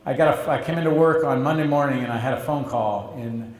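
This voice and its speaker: This middle-aged man speaks briskly in a mid-range voice with a darkish tone, appearing as an entrepreneur being interviewed at an event. In an echoey stage or meeting room, he chats through stories, rambling with restarts and performing the voices he quotes.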